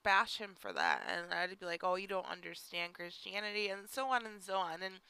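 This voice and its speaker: A young woman talks through a personal story in a loose, chatty way, leaning on "like" and "you know." Her voice is bright and smooth. The sound is dry and close. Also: mid-range voice, no echo, rough recording. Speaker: podcast host.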